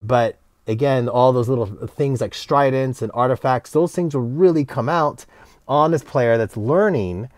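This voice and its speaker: A middle-aged man, a cello teacher, talking casually in an interview and acting out his students in quick quoted voices. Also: mid-range voice, no echo, clean studio sound.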